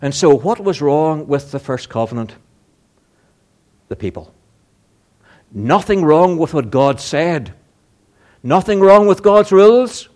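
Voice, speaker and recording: Slow earnest male preacher. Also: animated, a little mellow. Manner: earnest, rises in pitch and volume for emphasis, rhetorical questions. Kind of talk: sermon.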